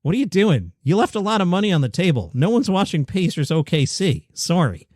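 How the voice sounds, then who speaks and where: A man's voice: high voice, sing-song, a little fast, darkish tone, no echo, studio quality. A middle-aged man from Queens, hosting a comedy news show with wry, self-deprecating asides. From Queens, New York. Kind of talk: solo comedy news commentary.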